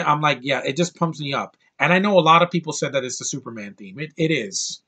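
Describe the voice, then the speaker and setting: A man's voice: on the high side, brisk, sharp tone, slightly rough. A man giving a casual, rambling spoken film review, enthusiastic and full of restarts. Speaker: movie reviewer.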